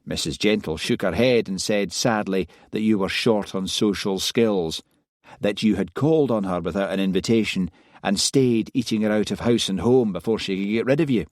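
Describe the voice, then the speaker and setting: A man's voice: lowish voice, normal speed, a little mellow, dry recording, studio quality, natural voice. A man reading aloud, voicing a wry, gossipy Scottish detective inspector who likes his whisky. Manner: chatty, gossipy storytelling.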